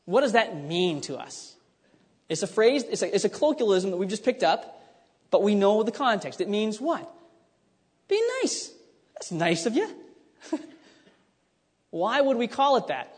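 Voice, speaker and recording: A man's voice: sits high, expressive, moderate pace, slightly rough. A man preaching a conversational sermon, teaching with frequent restarts and asides. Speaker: pastor. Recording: long hall reverb.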